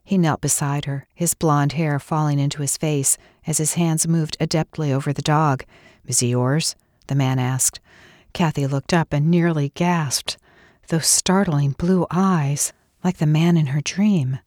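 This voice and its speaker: Low-voiced woman narrating a novel. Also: dry recording, clean studio sound. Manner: measured and expressive storytelling. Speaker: audiobook narrator. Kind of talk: scripted narration.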